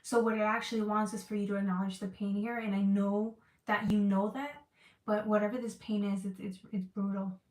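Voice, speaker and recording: A woman's voice: mid-range voice, flat delivery, brisk, a little mellow, far from the mic. A woman giving a casual tarot reading, talking emotionally and repeating herself as she searches for words. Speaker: tarot reader. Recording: echoey room, voice off-mic.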